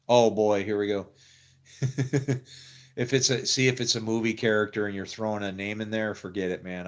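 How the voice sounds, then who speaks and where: A middle-aged man with a low voice tells a personal story in loose, rambling fashion. He laughs often, trails off and restarts, and acts out other people's lines in sudden higher voices. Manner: rambling, animated, quick to laugh and quote people. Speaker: actor telling his faith story. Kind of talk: casual storytelling.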